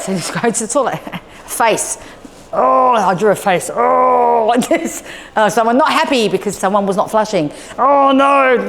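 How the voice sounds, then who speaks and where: A woman presenter at a mid pitch talks to families gathered in a large hall. She tells her stories with lively, acted-out dialogue and keeps checking in with the room. The voice carries a long reverberant tail over a faint background hiss. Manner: lively storyteller who acts out dialogue and checks in with listeners. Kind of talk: live talk to homeschool families.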